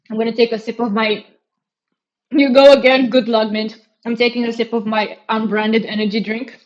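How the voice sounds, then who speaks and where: Young woman streamer, Romanian-British accent, higher voice, giggly self-mocking chatter, muffled lo-fi sound. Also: level tone, brisk. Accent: mixed Romanian and British. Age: young adult. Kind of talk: casual live-stream chat.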